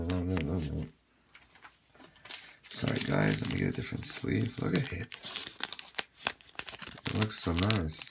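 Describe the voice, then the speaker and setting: A man hosting a card pack-opening video, chatting casually and getting excited over his pulls, with quick apologetic asides. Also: low-pitched, creaky, a little hiss or hum. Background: crinkling packs and shuffling cards.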